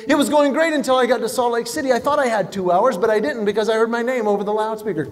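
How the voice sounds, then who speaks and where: A man performing stand-up comedy, telling animated stories and acting out what other people said. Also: sits high, fast talker, hardly any pauses. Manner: animated storytelling, acts out other people's lines. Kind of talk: stand-up comedy to a live audience. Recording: hall reverb with faint noise.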